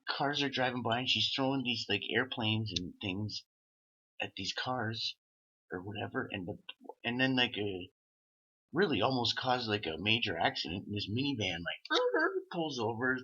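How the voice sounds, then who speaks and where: A man's voice: mid-range voice, big pitch swings, moderate pace, sharp tone, breathy edge. A man telling a rambling, profane story in a casual monologue, full of fillers and restarts. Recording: dull lo-fi recording.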